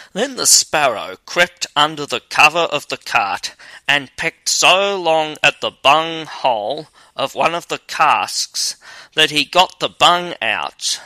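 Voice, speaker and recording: A man narrating a fairy tale in a steady, measured storytelling manner. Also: fairly high pitch, no room sound, rough recording.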